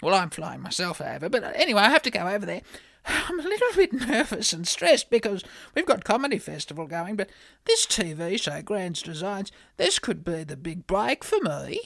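A woman's voice: mid-range voice, big pitch swings, moderate pace, gravelly, a bit bright, no room sound, full character voice. A woman playing a flustered, scatterbrained older woman who rambles and stumbles over her words in a comedy podcast. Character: flustered older woman, a would-be reality contestant.

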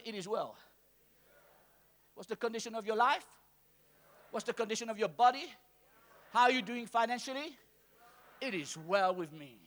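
Male pastor, high bright voice, dynamic call-and-response preaching. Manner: call-and-response preaching, swings from soft to shouting. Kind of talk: sermon. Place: church hall with congregation.

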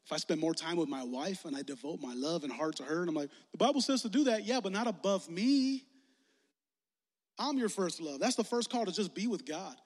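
A young man preaching as a youth pastor in a casual, animated way, acting out quoted voices as he leads an altar call. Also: high voice, fairly quick, husky. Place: large hall with audience. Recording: long hall reverb.

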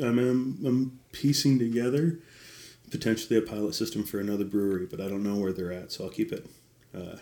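A man's voice: lowish voice, level tone, fairly quick, warm tone, reverberant. A man chatting casually as a podcast guest, laid-back and trailing off. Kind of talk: casual chat.

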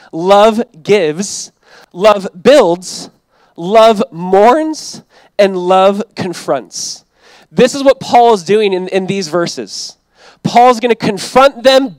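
High-voiced man preaching a sermon. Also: a little mellow, no echo, low-quality recording. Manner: conversational, emphatic preaching with quoted asides. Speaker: pastor.

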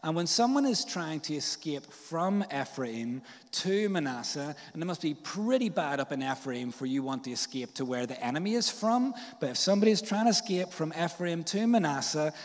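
A man's voice: fairly high pitch, expressive, moderate pace, few pauses, big-room sound. A man from Northern Ireland with a Northern Irish accent, preaching a sermon in a casual, jokey storytelling way with slang and fillers. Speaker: pastor. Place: church.

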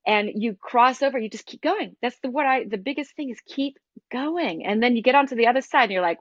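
This middle-aged American woman, a breathwork instructor, talks in a fairly high, husky voice that is expressive and quick. Appearing in a casual interview, she's frank and animated, with many restarts, captured on dry, dull, lo-fi audio.

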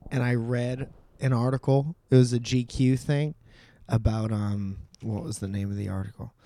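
A man's voice: mid-range voice, steady tone, moderate pace, dark tone, a little hiss or hum. A man co-hosting a podcast in loose, casual chat, swearing often and restarting his sentences. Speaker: podcast co-host.

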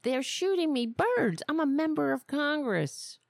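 A woman mimicking an indignant congresswoman in a higher, whiny voice. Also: big pitch swings, unhurried, vocal fry, no room sound, studio quality, full character voice. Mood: mock indignant. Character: mocking impression of an indignant congresswoman.

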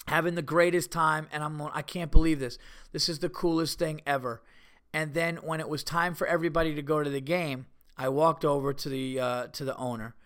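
A man with a gravelly, smooth voice, a bit higher than most, telling a story in a loose, chatty way. He hosts a podcast from New York and jumps into the voices of the people he quotes. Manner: animated, acts out voices in quotes. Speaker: podcast host. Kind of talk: casual storytelling.

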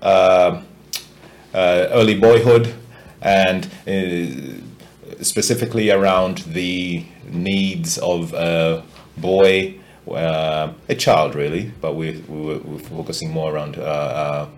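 A man hosting a casual podcast chat, halting often with fillers and restarts as he gathers his thoughts. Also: sits low, steady tone. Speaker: podcast host.

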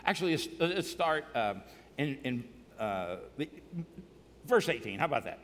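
A male pastor preaching a sermon to a church, energetic, often shouting and singing along with the congregation. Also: mid-range voice, normal speed, big-room sound, slight background noise. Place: large church hall.

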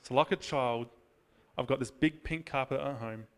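A man's voice: mid-range voice, moderate pace. A man preaching in a casual storytelling way, self-deprecating and chatty, moving into prayer. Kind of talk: sermon with personal storytelling.

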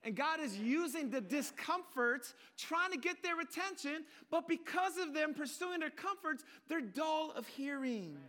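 High-voiced animated man preaching. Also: unhurried, hardly any pauses. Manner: animated, swings between loud emphatic peaks and hushed low asides; casual, conversational preaching with quoted prayers. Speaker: pastor. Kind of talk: sermon.

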